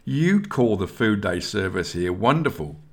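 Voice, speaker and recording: A man's voice: on the low side, sing-song, measured pace, exaggerated voice. A man reading aloud and voicing a plaintive, complaining young male squire in a storybook. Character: young male squire, whiny and self-pitying.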